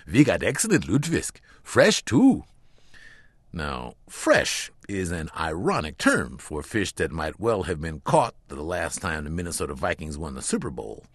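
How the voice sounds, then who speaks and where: Wry low-voiced man reading a commentary. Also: slightly rough, no echo. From Chicago. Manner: wry, deadpan storytelling. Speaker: radio commentator. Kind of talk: scripted humorous radio commentary.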